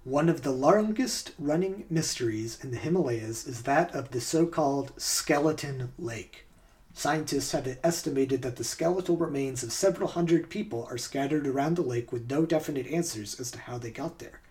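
A man at a middle pitch reads trivia aloud for a quiz on a podcast. His reading is steady and measured, and he slips into easy, casual chat between the questions. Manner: reads facts aloud, then chats casually. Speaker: podcast host.

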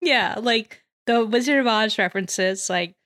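A woman with a bright, forward voice pitched a little high hosts a casual podcast chat. She talks animatedly, laughs often and slips into quick impressions of characters as she recaps. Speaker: podcast host.

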